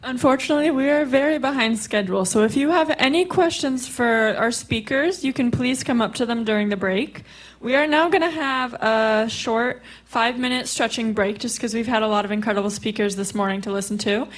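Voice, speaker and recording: A woman moderating a conference, briskly announcing a break and the next speakers. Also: on the high side, rough recording. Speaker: event moderator. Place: conference hall.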